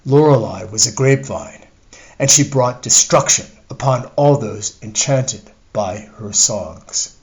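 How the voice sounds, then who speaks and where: A man's voice: mid-range voice, a little slow, dull audio, natural voice. An earnest young American man about to start college, talking plainly with a fellow traveler, as the male narrator reads his part. His delivery stays close to the reader's own medium voice. It is a plain, lightly voiced storybook part.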